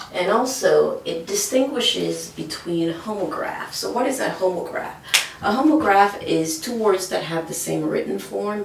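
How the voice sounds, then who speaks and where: A woman gives a whiteboard French pronunciation lesson, explaining patiently and often checking in with "okay?". Her voice is on the low side and creaky. The room is echoey, she's recorded from far off, and there's a little hiss or hum.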